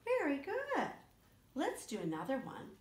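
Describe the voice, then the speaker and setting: A woman music teacher giving a children's lesson, talking to young kids in a slow, sing-song way. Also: high-pitched, huge pitch swings. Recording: echoey room with faint noise.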